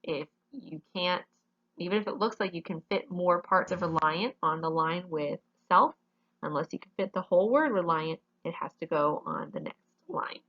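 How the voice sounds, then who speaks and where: A woman's voice: fairly low pitch, lively intonation, moderate pace, lo-fi sound. A woman teaching a grammar lesson in a classroom, explaining each rule step by step and often checking with "okay?".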